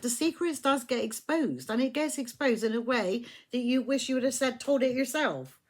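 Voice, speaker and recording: A woman's voice: a little high, lively intonation, moderate pace. A woman giving a casual, chatty tarot reading, swearing freely and checking in with the listener again and again. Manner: chatty, profane, keeps asking "do you know what I mean". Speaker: tarot reader.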